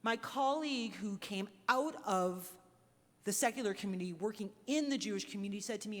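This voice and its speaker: A woman's voice: medium pitch, brisk, a bit bright. A woman closing a live panel talk with a story, earnest and building to rising questions. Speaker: panel moderator closing a synagogue conversation. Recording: reverberant hall recording.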